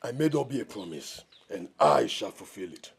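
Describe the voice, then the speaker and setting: A man's voice: on the low side, sing-song, normal speed, husky, heavily acted. An actor with a Nigerian accent playing a stubborn, obsessed man. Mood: defiant. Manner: defiant, proclaiming. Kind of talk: film acting.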